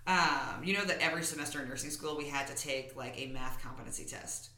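A woman's voice: low-pitched, quick pace, pushed and bright. A woman in her thirties from the United States, co-hosting a podcast in casual chat, telling stories and laughing often. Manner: chatty, laughs often, storytelling. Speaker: podcast co-host. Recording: echoey room with faint noise.

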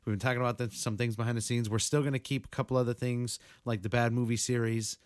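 A man's voice: mid-range voice, flat delivery, fast, no room sound, clean studio sound. A man from New England co-hosting a podcast, telling loose, profane stories and chatting with listeners. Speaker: podcast co-host. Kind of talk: casual podcast chat.

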